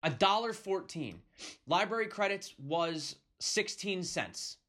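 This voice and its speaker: Ranting crypto host, lively high voice. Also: male voice, slow pace. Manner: emphatic, keeps asking "okay?". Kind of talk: heated rant to viewers.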